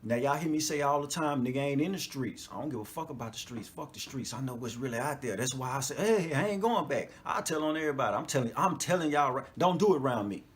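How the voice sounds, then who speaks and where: A man's voice: medium pitch, quick pace, few pauses. A man hosting a podcast in a casual, profane monologue, laughing often and checking in with his listeners. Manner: animated, profane, laughs often, frequent "you know what I'm talking about". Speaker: podcast host.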